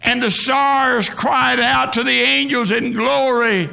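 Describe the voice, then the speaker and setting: A man preaching with a high, heavily gravelly voice that has a sharp, bright edge. He speaks slowly, stretching out phrases and repeating refrains in a rolling preacher's cadence. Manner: rhythmic, repetitive preaching cadence. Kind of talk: sermon.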